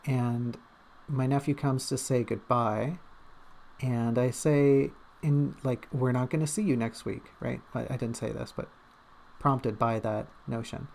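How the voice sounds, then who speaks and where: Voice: medium pitch, creaky, a little mellow. A livestreamer chatting casually and rambling, with self-mocking jokes.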